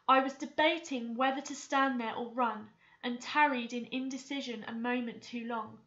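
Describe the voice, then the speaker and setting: A woman teacher reading a novel aloud with clear, expressive storytelling. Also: sits high, dull audio. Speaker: English teacher.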